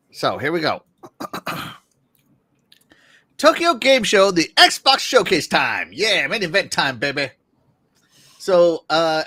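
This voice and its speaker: A man hosting a casual gaming talk show, excitable and jokey, often trailing off quietly at the ends of sentences. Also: a little high, dry recording. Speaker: podcast host.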